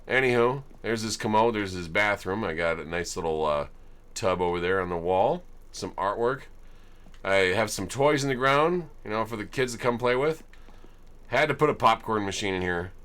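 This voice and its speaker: A man's voice: on the low side, expressive, normal speed, a bit bright. A man streaming a life-sim game, chatting casually and chuckling as he tours homes he built. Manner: chatty, amused, chuckles often. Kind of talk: casual gameplay commentary.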